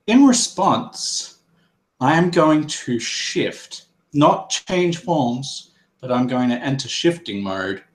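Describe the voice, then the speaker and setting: Male tabletop player, slow and deliberate, thinks aloud, echoey room. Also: medium pitch. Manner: thinks aloud, describes his character's actions. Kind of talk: tabletop game play.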